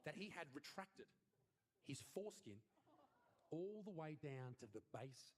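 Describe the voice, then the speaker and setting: A young Australian man performing a stand-up comedy routine in a crude, mock-earnest way, his voice jumping high on the punchlines. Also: big pitch swings, a little slow, a little mellow, slight background noise. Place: comedy stage.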